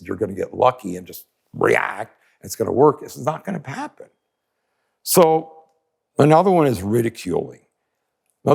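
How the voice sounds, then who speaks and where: A man speaks in a gravelly, husky voice as he teaches a podcast audience. His delivery is emphatic and very lively in pitch. He often slips into brief voices to act out the people he quotes. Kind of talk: animated teaching talk.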